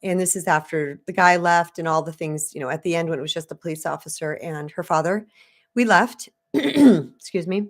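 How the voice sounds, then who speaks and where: Chatty woman coach with a low voice. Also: normal speed. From Arizona. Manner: chatty, conversational, addresses viewers directly. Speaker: spiritual coach. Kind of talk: live-stream storytelling.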